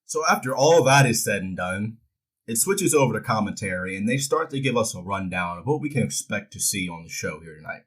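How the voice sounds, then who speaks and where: A man's voice: lowish voice, lively intonation, a little fast, husky, low-quality recording. A man recapping a wrestling show in a casual, irreverent way, joking and swearing freely as he goes.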